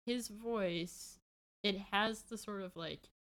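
A woman's voice: mid-range voice, slow pace, a bit bright. A young woman co-hosting a podcast, chatting casually in an easygoing way with dry remarks. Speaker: podcast co-host. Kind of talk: casual chat.

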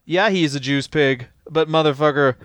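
A man co-hosting a comedy podcast, riffing on crude bits and laughing through them. His voice is smooth and clear, a little high for a man, and the recording is dry. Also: moderate pace, fairly bright tone, no room sound. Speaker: podcast co-host. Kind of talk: casual comedic chat.

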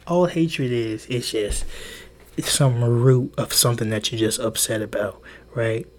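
A man's voice: mid-range voice, measured pace. A man hosting a solo podcast, rambling in a profane, casual way. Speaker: podcast host.

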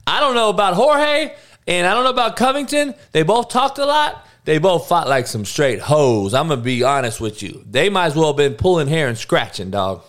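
Male podcast host with a higher-than-usual voice, profane and blunt, heated solo rant full of restarts. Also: very animated, normal speed, fairly bright tone. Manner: rambling with restarts and fillers.

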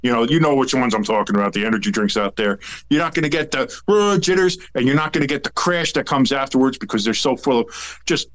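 A man co-hosting a sports podcast, talking in an animated, rambling, jokey way. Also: medium pitch, fast. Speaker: podcast co-host. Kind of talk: casual sports chat.

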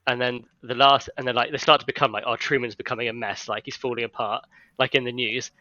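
A man's voice: mid-range voice, little pitch movement, fast talker, bright, forceful tone, no room sound, highs cut off. A man in casual chat with friends, retelling a film plot in a rambling way with lots of "like". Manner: rambling storytelling, heavy use of "like".

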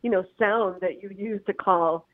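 A woman's voice: medium pitch, normal speed, no echo. Woman chatting over a tinny phone line. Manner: rambling, lots of fillers, laughs often. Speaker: comedian guest. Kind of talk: phone-in interview.

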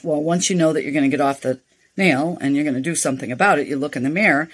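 An older woman, a nonprofit founder, speaking as an interview guest and telling frank, animated stories. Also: sits low, quick pace, breathy edge. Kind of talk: interview storytelling.

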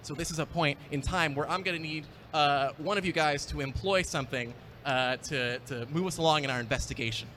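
A man's voice: fairly high pitch, brisk, few pauses, bright, forceful tone, a little hiss or hum. A man narrating a tabletop game as game master, laughing often and hesitating with fillers.

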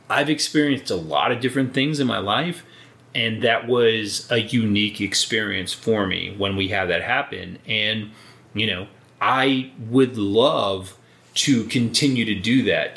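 A man's voice: on the low side, unhurried, sharp tone. A man co-hosting a podcast in casual chat, laid-back and enthusiastic, swearing freely. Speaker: podcast co-host. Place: indoor recording room.

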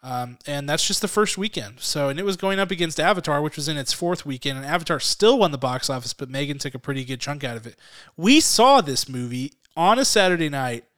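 A man's voice: a little high, animated, fairly quick, a bit bright. A man hosting a casual podcast movie review, enthusiastic and leading the talk. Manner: enthusiastic, leads the discussion. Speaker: podcast host.

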